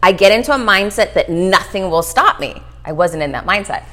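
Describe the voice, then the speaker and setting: Middle-aged woman guest, lively and quick, tells stories with acted-out lines; mid-range voice. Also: mid-range voice. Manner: animated, fast storytelling with acted-out quotes. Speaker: guest, author and speaker. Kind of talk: storytelling interview chat.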